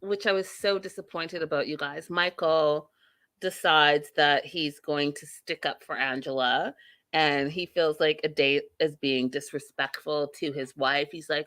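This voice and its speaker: A woman's voice: low-pitched, measured pace. A woman hosting a TV recap show, giving blunt, opinionated commentary to her viewers and swearing freely. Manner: animated, talks directly to viewers.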